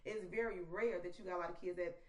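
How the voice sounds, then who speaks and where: A woman co-hosting a casual podcast chat, talking fast and animatedly in relaxed vernacular. Her voice sounds roomy, as if she is sitting back from the microphone. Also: lowish voice, far from the mic, crowd noise. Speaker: podcast co-host. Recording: roomy, from off-mic.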